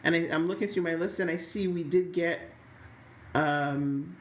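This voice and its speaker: Low-voiced chatty woman in an echoey room. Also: measured pace. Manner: chatty, recaps scenes, laughs easily. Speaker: podcast co-host. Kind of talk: casual chat about a soap opera.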